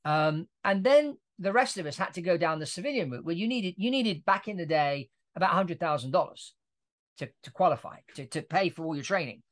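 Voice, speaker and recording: A man's voice: fairly high pitch, lively intonation, a little fast, fairly bright tone. A man in his forties who grew up in Italy, hosting a podcast interview as a chatty storyteller who laughs often. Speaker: podcast host. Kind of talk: casual interview chat.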